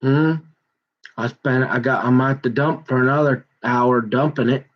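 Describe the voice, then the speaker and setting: A man of middle pitch rants through a grievance at length, stumbling over his words and circling back on himself. His voice comes through a dull, muffled, lo-fi recording. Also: steady tone. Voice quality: aggrieved, halting, full of restarts and stumbles. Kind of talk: rambling personal monologue.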